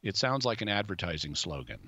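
A man speaking as a guest expert on a radio show, explaining points thoughtfully with many pauses. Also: low voice, big pitch swings, sharp tone, slight background noise.

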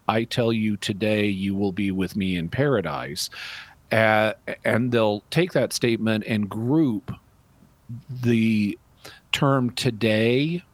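A man's voice: medium pitch, no room sound. A man answering a caller's question on a call-in radio show, reasoning through a point step by step. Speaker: radio show guest apologist.

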